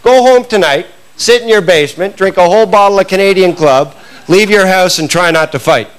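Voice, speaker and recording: A stand-up comedian spins stories in a fairly high voice with punchy timing. He works a handheld mic on a club stage. A steady wash of noise sits under the recording. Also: fairly quick. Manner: storytelling, punchy, animated delivery.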